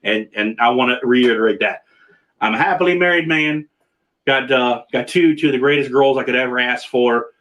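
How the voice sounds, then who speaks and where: A man's voice: medium pitch, moderate pace, fairly bright tone, highs cut off. A man hosting a casual video-call chat, rambling and restarting his sentences often. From Pennsylvania. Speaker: podcast host.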